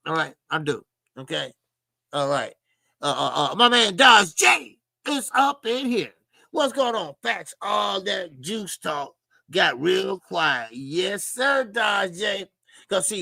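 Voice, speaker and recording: A man's voice: high-pitched, gravelly, bright, forceful tone, no room sound, clean studio sound. A man hosting a casual boxing livestream, talking animatedly with swearing and greeting chat viewers by name. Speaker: boxing show host.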